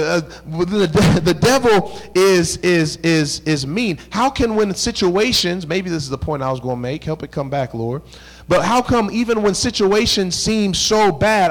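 A man in his thirties, a pastor preaching a midweek sermon in a conversational style that rises into emphatic bursts. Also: fairly high pitch.

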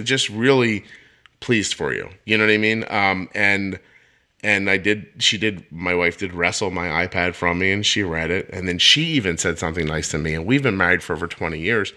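Bright-voiced joking male podcast host. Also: low-pitched, moderate pace. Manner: emotional, self-deprecating joking. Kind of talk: casual interview chat.

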